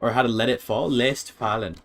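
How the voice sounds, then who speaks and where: A man's voice: mid-range voice, steady tone, fairly quick, fairly bright tone, faint music behind, natural voice. Man doing a chatty game character lecturing a boy. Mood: coaxing. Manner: coaxing, repetitive questioning.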